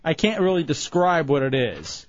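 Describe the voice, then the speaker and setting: A man's voice: fairly high pitch, very animated, moderate pace, lo-fi sound. A man hosting a radio talk show, teasing his co-hosts and laughing often. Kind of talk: casual radio banter.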